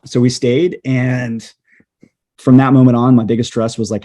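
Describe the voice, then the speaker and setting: A man, a journalist guest, telling a story in a casual interview, lively and peppered with "like". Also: medium pitch, normal speed. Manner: lively storyteller, heavy use of "like". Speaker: guest, journalist and storm chaser.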